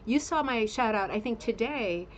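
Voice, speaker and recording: A woman's voice: fairly high pitch, expressive, normal speed, slight background noise, poor audio. Gushing woman hosting a craft livestream. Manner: gushing, effusive praise, rambling with fillers. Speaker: host of a rug hooking club livestream. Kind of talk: casual livestream show-and-tell. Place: home studio with green screen.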